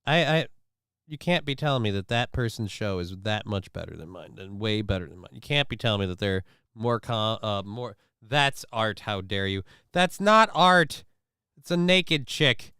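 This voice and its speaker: A man's voice: on the low side, normal speed, fairly bright tone, smooth, dry recording, clean studio sound. A man hosting a casual live stream, reading viewer comments and news stories aloud with sarcastic, offhand remarks. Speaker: livestream show host.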